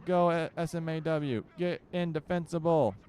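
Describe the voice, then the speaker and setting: A man's voice: fairly high pitch, steady tone, moderate pace, darkish tone, a little hiss or hum. A young man giving casual commentary while playing a strategy game, barking orders at his units and grumbling with joking exasperation. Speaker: gaming channel host.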